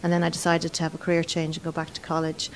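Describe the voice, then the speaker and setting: Brief: Irish woman gardener, low flat delivery, faint rumble behind, matter-of-fact interviewee. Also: quick pace, rough recording. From Ireland. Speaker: head gardener. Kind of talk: interview answers.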